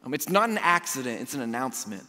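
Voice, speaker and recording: Male pastor, lively storytelling sermon, tense bright tone, long hall echo. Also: medium pitch, fast. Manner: animated storytelling with frequent "like" fillers. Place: church sanctuary.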